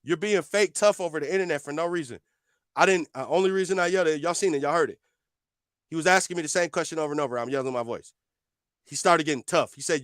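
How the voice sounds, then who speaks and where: A man's voice: fairly high pitch, animated, fast, fairly bright tone, dry recording, studio quality. A man giving heated reaction commentary, confrontational and repeating his points as he talks back at a clip.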